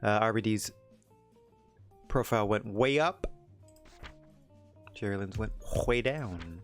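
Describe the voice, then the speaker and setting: A man's voice: on the low side, expressive, takes it slowly, fairly bright tone, soft background music. A man streaming a wrestling management game, chatting casually in a rambling, self-deprecating way. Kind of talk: casual gameplay commentary.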